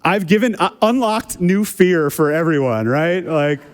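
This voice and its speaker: High-voiced male pastor in a reverberant hall. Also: unhurried. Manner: relaxed, chatty, often repeats words as he restarts. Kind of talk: conversational sermon with a personal story. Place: church sanctuary.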